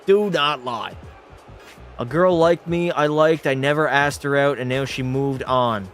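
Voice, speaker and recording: Soft music sits behind this young streamer's medium-pitched voice, which stays fairly even in intonation at normal speed. Tipsy after a few drinks, he commentates his own hockey game with rowdy, profane mock play-by-play, reading chat aloud and answering it.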